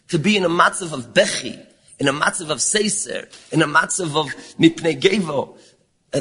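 A man giving a sermon, mixing English with Hebrew and Yiddish terms, dropping low and then rising into pleading calls. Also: a bit bright, slightly rough. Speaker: rabbi giving a talk. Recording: long hall reverb.

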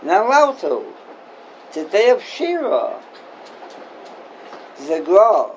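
A man's voice: high-pitched, wildly swooping pitch, slow pace, a little hiss or hum, rough recording. A man teaching an informal Torah class as a rabbi, questioning and emphatic, repeating his key points.

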